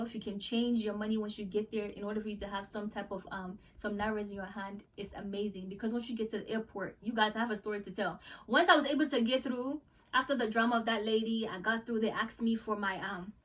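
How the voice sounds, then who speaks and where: A young American woman telling a travel story in a casual vlog, animated and acting out the people she met. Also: a little high, recorded from a distance, a little hiss or hum. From United States. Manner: animated, acts out voices in the story. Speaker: travel vlogger.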